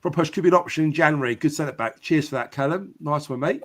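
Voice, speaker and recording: A man's voice: fairly high pitch, fast. A man hosting a live football podcast, reading out viewers' comments and chatting back casually. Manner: chatty, reads out viewer comments and answers them. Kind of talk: casual live-stream chat.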